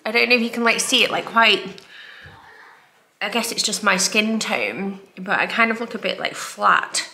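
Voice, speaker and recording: A woman's voice: medium pitch, normal speed, bright, forceful tone, a little hiss or hum. A woman in her thirties, a mum chatting casually and rambling through her morning makeup routine at home. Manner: chatty, rambling, self-deprecating. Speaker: vlogger, mum. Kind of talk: casual get-ready-with-me makeup chat.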